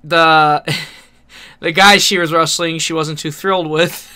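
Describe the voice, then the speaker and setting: Man, podcast co-host, casual storytelling, rambling, laughs a lot, swears, smooth clear voice. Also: a little high, steady tone, slow, sharp tone. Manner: laughs through his own story, swears freely, rambling with fillers.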